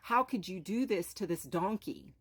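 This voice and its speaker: A woman's voice: medium pitch, animated, a little slow, fairly bright tone, pitched above the performer's own voice. A woman voicing a crowd of strangers scolding travellers with outraged, accusing questions. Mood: indignant.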